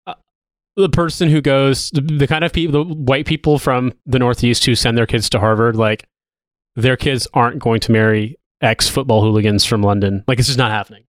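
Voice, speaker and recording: A man's voice: mid-range voice, fairly even intonation, a little fast, no room sound. Guy rambling on a podcast, lots of likes and restarts, mid voice, dry close mic. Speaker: podcast co-host. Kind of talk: casual chat.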